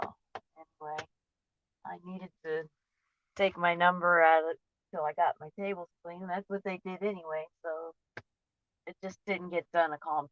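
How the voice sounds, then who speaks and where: This vlogger has a fairly low, fairly bright voice, captured in a dull, dry lo-fi recording. She talks openly about how she feels in a casual way, wandering off mid-thought and restarting.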